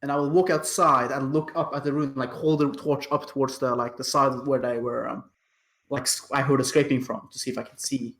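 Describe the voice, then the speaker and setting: Halting male player, echoey room. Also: mid-range voice, little pitch movement, a bit bright. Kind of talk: casual tabletop play.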